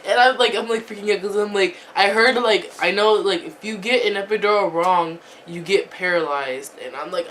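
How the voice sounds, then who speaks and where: A woman's voice: mid-range voice, moderate pace, hardly any pauses, fairly bright tone, far from the mic, slight background noise. Chatty teen girl telling a story. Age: teens. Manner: chatty, lots of "like" and "um", laughing asides. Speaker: vlogger. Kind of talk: storytime vlog.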